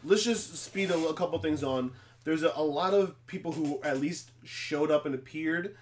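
A man's voice: on the high side, a little hiss or hum. A man co-hosting a casual podcast, teasing his friends and jumping in to interrupt. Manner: animated, teasing, quick to interrupt. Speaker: podcast co-host. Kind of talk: casual chat.

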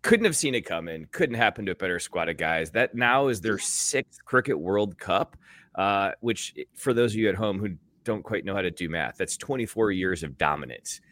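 A man's voice: animated, moderate pace, a bit bright. A man co-hosting a casual sports podcast, boastful and joking as he talks about bets and games. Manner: boastful, joking, talks in big swings of pitch. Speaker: podcast co-host. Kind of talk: casual sports betting chat.

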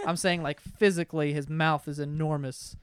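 Young man telling crude stories, crisp. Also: on the high side, moderate pace. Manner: crude, animated storyteller, laughs while telling. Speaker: podcast host. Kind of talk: casual storytelling among siblings.

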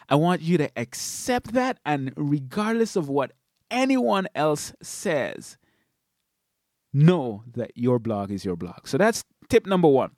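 A man's voice: on the high side, a little mellow, no room sound, clean studio sound. A man hosting a blogging podcast, giving solo advice in an emphatic way, leaning on key words.

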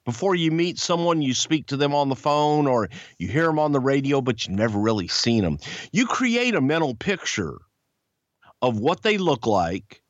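A man with a Southern American accent telling a wrestling-business story, animated and swearing freely. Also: dry recording. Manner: animated, swears freely, acts out voices in a high pitch. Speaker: podcast guest. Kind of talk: casual storytelling. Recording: dull, lo-fi sound.

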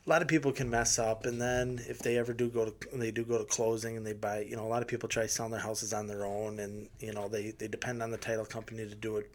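A man's voice: lowish voice, level tone, fast talker, hardly any pauses. A man who is a realtor, talking easily and modestly as a podcast guest. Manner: easygoing, modest, plain-spoken. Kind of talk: casual podcast chat.

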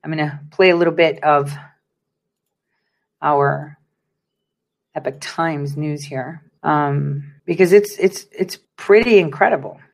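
A woman's voice: low voice, slow, creaky, long pauses. A woman hosting an online commentary show, speaking in an emphatic, preachy way and repeating phrases for effect. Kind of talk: casual political commentary.

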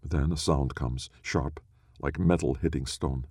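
A man narrating a story in a slow, measured, solemn reading. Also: very deep voice, steady tone, darkish tone, breathy edge, no room sound, studio quality.

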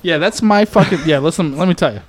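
A man in his forties co-hosting a podcast, a little drunk, swearing loudly in rowdy banter. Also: fairly high pitch, fast, a little hiss or hum. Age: 40s. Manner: loud, swearing, rowdy, laughing often. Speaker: podcast co-host. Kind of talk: casual profane banter.

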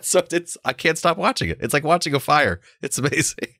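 A young adult man, co-hosting a casual podcast chat as an animated storyteller who laughs often. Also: a little high, brisk, few pauses, no room sound, studio quality. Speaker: podcast co-host.

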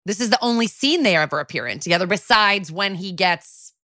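A woman co-hosting a casual podcast who jumps in with blunt reactions. Her voice is bright and forceful, and its pitch swings widely. The sound is dry and close. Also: lively intonation, a little fast, no room sound. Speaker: podcast co-host. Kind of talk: casual chat.

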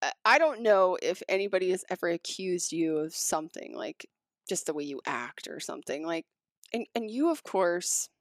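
Excitable woman chatting, dry sound. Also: lowish voice, normal speed, dry recording. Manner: excitable, animated storytelling. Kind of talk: casual chat.

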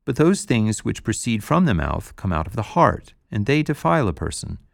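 Male reader voicing a stern teaching figure, gravelly, dry booth sound, scripture reading. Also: on the low side, very animated, moderate pace, no echo, heavily acted. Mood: solemn. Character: male teacher rebuking and consoling, authoritative.

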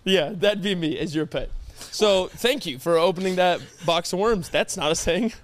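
A young man co-hosting a casual comedy podcast, animated and quick to break into whiny pleading voices for a joke. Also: high-pitched. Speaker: podcast co-host.

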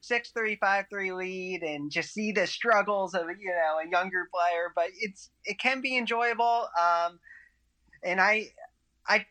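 Man, podcast guest, bright tone, relaxed rambling chat. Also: sits high, measured pace. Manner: rambling, many fillers and restarts, relaxed. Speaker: podcast guest, tennis writer.

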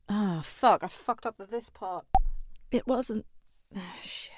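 A woman's voice: medium pitch, slow pace, no echo. A woman recording outtakes for an audio musical, exasperated and laughing at her own flubs. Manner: exasperated, laughing, swearing at mistakes. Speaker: voice actor recording songs. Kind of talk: studio outtakes, casual banter.

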